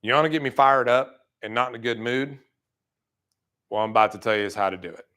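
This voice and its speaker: A man giving a motivational sales talk to a room, blunt and fired up, acting out people's excuses in quick asides. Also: medium pitch, bright, forceful tone. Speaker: roofing sales trainer. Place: room with an audience.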